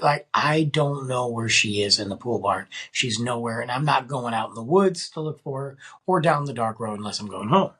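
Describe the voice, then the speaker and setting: Very husky, animated male podcast host. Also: medium pitch, normal speed, few pauses. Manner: animated, chatty, addresses listeners as guys. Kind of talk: casual storytelling to listeners.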